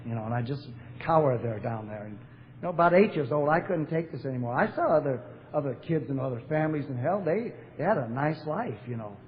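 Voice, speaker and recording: A man's voice: mid-range voice, lively intonation, a little fast. An older man from Portland, Oregon, giving a blunt, wry recovery talk to a convention audience in a large hall. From Portland, Oregon, USA. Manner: storytelling, blunt, wry humor with fillers. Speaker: AA speaker. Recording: echoey hall, phone-like narrow sound, faint hiss.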